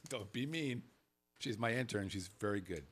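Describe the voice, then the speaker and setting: A man co-hosting a casual podcast, reading out listener names with playful, animated banter that drops into murmured asides. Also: on the low side, moderate pace, slight background noise. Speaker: co-host.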